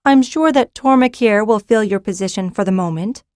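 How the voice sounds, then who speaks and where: A woman reads an audiobook, voicing a commanding young noblewoman taking charge of a hold, who speaks sternly and with authority in a brisk mood. Her mid-range, slightly mellow voice is pitched above her own and lightly acted, at a moderate pace. The recording is dry and studio quality.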